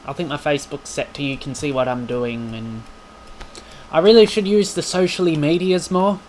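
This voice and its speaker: Man, casual Q&A vlog host, self-deprecating, rambling, fairly high voice, faint background noise. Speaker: YouTube channel host. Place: home recording space.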